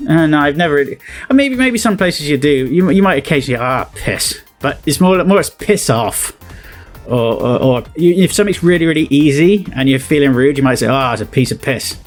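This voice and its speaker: A man's voice: fairly high pitch, lively intonation, brisk, soft background music. Rambling West Country man explaining. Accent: West Country English. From southwest England. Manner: rambling, chatty explaining with many fillers. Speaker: video commentator. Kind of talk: casual reaction commentary.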